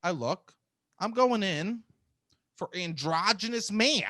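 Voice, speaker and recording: A man co-hosting a podcast, telling profane, animated stories about auditions and laughing often. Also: high-pitched, slow, no room sound, studio quality. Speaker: podcast co-host, comedian. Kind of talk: casual storytelling chat.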